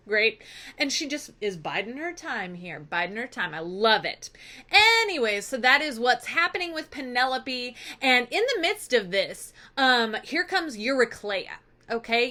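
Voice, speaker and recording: A woman teacher giving a chatty, lively recap of a story for a class, acting out the characters' lines as she goes. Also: on the high side, unhurried. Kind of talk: casual literature lesson recap.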